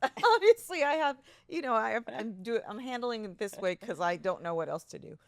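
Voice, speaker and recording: A woman co-hosting a casual podcast, chatty and animated, who laughs often and acts out her own thoughts in a higher voice. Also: fairly quick, vocal fry, hardly any pauses, no echo, studio quality. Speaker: podcast co-host. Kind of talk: casual chat.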